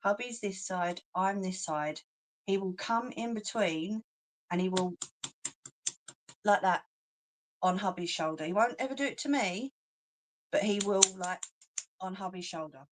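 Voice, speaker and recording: Speaking with a London accent, this craft channel host chats casually on a livestream, reads out comments, laughs a lot and throws in cheeky slang. Her voice is lowish, her pace measured, with long pauses.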